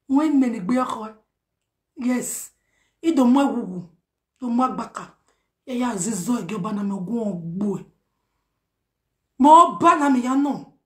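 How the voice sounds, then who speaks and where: A woman with a Nigerian accent delivering a heated, animated message to camera, mixing pidgin with a local language. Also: on the high side. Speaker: social media personality. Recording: roomy echo.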